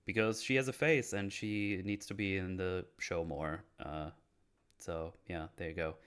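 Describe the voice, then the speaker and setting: Animated low-voiced man breaking down a show. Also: measured pace, clear, resonant tone. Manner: animated, swearing, laughs often. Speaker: podcast host. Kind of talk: casual show breakdown chat.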